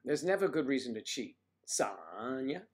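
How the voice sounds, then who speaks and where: A man's voice: mid-range voice, very animated, normal speed. A man hosting a casual livestream, rambling and joking as he answers viewers' comments. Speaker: livestream host.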